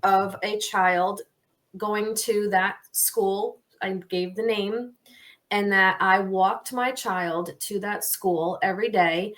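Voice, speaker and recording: A middle-aged woman co-hosting a podcast, telling a story in a lively, casual way and laughing often. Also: mid-range voice, slow. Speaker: podcast co-host. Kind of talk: casual chat.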